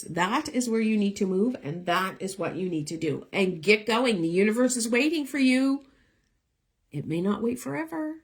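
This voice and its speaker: Middle-aged woman, tarot reader on a live stream, animated voice that swings up and down, chatty and reassuring. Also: on the high side. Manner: chatty, encouraging, talks straight to viewers. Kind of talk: live one-card tarot readings.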